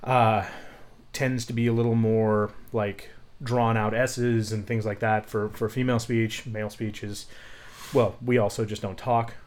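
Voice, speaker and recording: A man's voice: lowish voice, flat delivery, unhurried, darkish tone. Joking, rambling male podcast co-host. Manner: rambling, jokey, with restarts. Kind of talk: casual chat about accents and voice acting.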